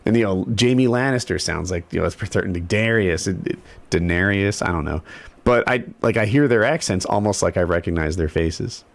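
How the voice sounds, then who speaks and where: A man's voice: sits low, fairly quick, vocal fry, no room sound. A man co-hosting a podcast, telling self-mocking stories in casual banter. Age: adult. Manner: animated, self-mocking storyteller. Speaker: podcast co-host.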